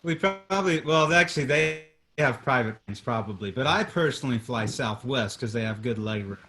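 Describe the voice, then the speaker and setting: A man's voice: medium pitch, expressive, moderate pace, heavy background noise. A man, a guest singer-songwriter, chatting casually over a video call, rambling with many restarts and fillers. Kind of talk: casual chat.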